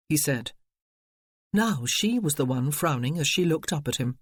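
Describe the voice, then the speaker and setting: Measured audiobook narrator, dry close sound. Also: medium pitch, expressive, breathy edge, no echo. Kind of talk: scripted narration.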